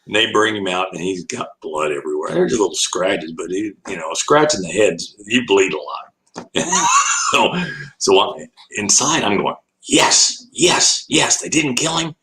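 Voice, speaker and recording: A man's voice: low voice, expressive, normal speed, a bit bright, rough recording. An older man, an animal educator, telling a long anecdote as an interview guest, laughing often and acting out the voices in his story.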